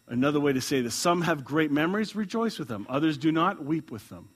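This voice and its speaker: Preaching as a pastor, this man reads a story out loud, laughing softly and alternating booming passages with hushed ones. He speaks in a mid-range voice.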